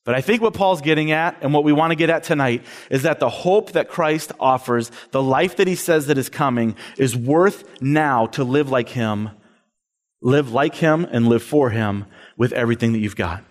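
A man preaching a sermon to college students as a campus minister, animated, acting out the voices he quotes. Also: medium pitch, moderate pace, in a large hall.

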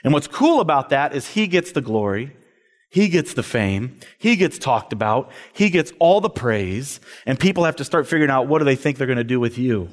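A man preaching a sermon to college students as a campus minister, animated, acting out the voices he quotes. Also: mid-range voice, moderate pace, long reverb tail.

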